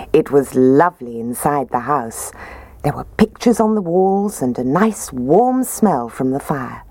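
Female storyteller, low husky voice, very lively pitch, dry close sound. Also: dry recording. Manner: expressive storybook reading. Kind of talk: scripted narration of a children's story.

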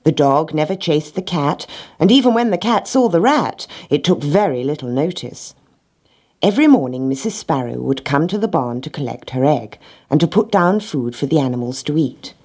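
A woman reading a children's storybook aloud in a gentle, measured way. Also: deep voice, expressive, breathy edge.

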